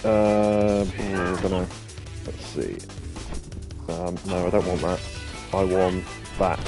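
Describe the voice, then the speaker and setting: A man's voice: deep voice, fairly even intonation, takes it slowly, over music. A man hosting a let's play, chatting casually and laughing often with his co-host. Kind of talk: casual gameplay commentary.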